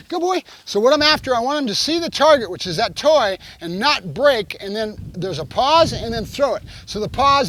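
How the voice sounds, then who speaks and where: A man's voice: sits high, a bit bright, slight background noise. A man who trains dogs, explaining each step to the camera while working a puppy. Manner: coaching, talks to camera between cues to the dog. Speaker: dog trainer.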